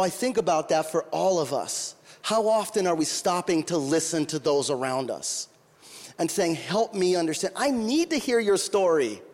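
A man's voice: a little high, a little mellow. A middle-aged man preaching a sermon, telling a story in an earnest voice and often restarting his words. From Minnesota or North Dakota region. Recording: long hall reverb.

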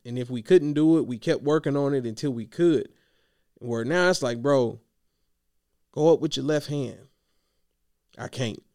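A man coaching youth basketball, venting in a casual vlog monologue, slangy and animated, worn out from yelling. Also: mid-range voice, no echo, studio quality.

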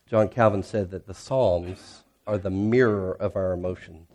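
Low-voiced male pastor preaching. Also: fairly even intonation, a little slow, mellow. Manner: conversational, with rhetorical questions; reads scripture aloud with rising intensity. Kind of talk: sermon.

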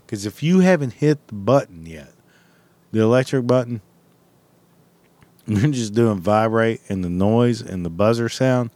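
A man's voice: lowish voice, expressive, unhurried, pauses often, a little mellow, no echo. A man telling a rambling story in a blunt, heavily profane, casual way.

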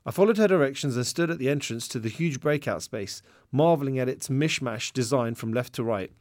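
A man reading his own book aloud in first-person narration, telling the story in a lively way. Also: mid-range voice, fairly quick, no echo. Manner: lively storytelling with voiced dialogue. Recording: very dry, close recording.

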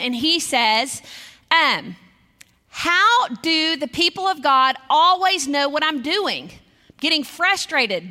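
Bright high-voiced woman preaching in a reverberant hall. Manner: earnest, warm storytelling with scripture reading. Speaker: guest speaker. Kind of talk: sermon. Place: church sanctuary.

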